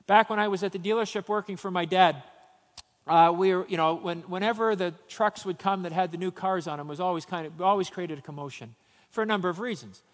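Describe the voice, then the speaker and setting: A man's voice: sits high, fairly quick, in a large hall. A man preaching a sermon, telling a personal story and then urging his listeners with rising emphasis. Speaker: pastor.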